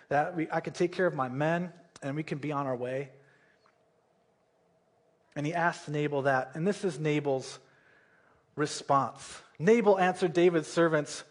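A man's voice: a little high, normal speed. A man preaching a sermon, retelling a Bible story in a casual way and often checking in with "right?" and "okay?".

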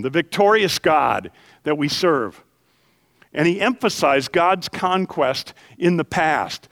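A male pastor delivers a sermon with a somewhat high voice and a lively, animated manner. He keeps asking the congregation questions. The sound is dry and close. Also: no echo.

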